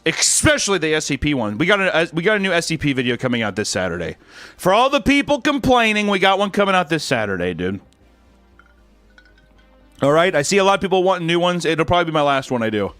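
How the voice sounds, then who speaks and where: A man's voice: on the high side, a bit bright, no room sound. Joking, crude male streamer. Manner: crude, joking, sarcastic asides. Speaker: streamer reading fan messages. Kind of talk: casual chat.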